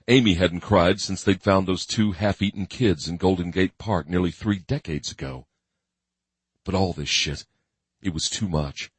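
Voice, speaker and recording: A man giving steady, grim scripted narration of a thriller audiobook. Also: deep voice, husky, no echo.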